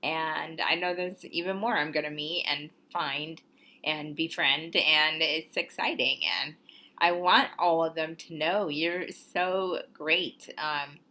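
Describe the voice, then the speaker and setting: Low-voiced woman giving a card reading. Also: fairly even intonation, takes it slowly. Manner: warm encouraging, rambling with ums and laughs. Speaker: oracle card reader, channel host. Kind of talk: casual spiritual video talk.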